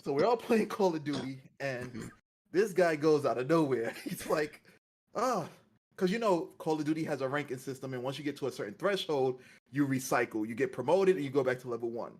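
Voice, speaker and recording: A man's voice: mid-range voice, brisk, a little hiss or hum. A man co-hosting a gaming podcast, telling a story in casual chat with lots of laughter. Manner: animated storytelling, laughs often. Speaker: podcast co-host.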